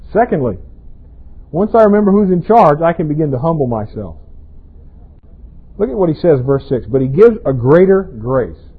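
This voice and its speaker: A man's voice: a little high, husky. A pastor preaching a sermon in a conversational way, often asking his congregation rhetorical questions. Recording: tinny, phone-like band-limited sound.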